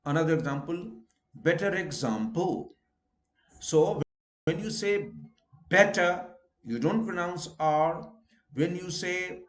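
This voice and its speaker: A man from India with an Indian English accent, teaching a recorded pronunciation lesson and drawing out each example word slowly and deliberately. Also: on the high side, reverberant.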